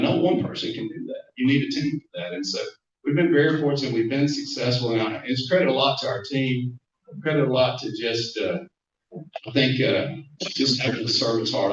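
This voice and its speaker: A man's voice: mid-range voice, a little hiss or hum. A man with an Alabama Southern accent giving a folksy, storytelling speech as a guest congressman, often repeating words as he starts a sentence. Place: meeting room at a club luncheon. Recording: very echoey room, distant mic, dull sound.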